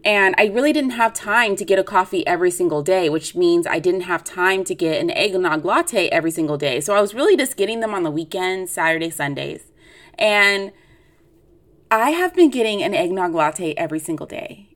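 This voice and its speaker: A woman in her late twenties hosts a podcast, telling a personal story in a chatty, confessional way with plenty of fillers. Her lowish voice is fairly bright with lively intonation at a moderate pace.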